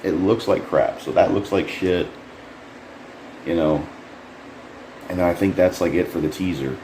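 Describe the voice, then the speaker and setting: Man, very low voice, loose profane trailer rant, echoey room with a faint hum. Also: a little slow, a little mellow. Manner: frustrated, rambling, swears a lot, bursts up in pitch when incredulous. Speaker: YouTuber reviewing a trailer. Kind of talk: casual profane commentary.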